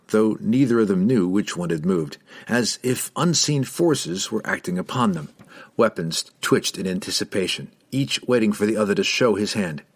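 Male audiobook narrator, lowish voice, measured dramatic fantasy reading. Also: slightly rough.

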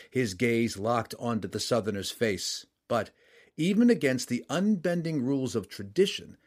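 A man narrating a fantasy story as an audiobook, in a measured, dramatic reading. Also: lowish voice.

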